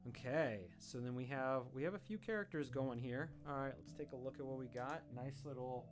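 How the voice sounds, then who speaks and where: A man streaming his drawing session live, thinking aloud in a relaxed, self-deprecating way as he works. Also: medium pitch, moderate pace. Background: guitar music.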